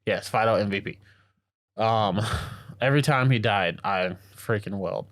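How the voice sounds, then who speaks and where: A man co-hosting a podcast, recapping a story in an excited, slangy way and acting out the characters' lines as he goes. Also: fairly low pitch, normal speed, no room sound, clean studio sound. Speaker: podcast co-host. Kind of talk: casual anime recap chat.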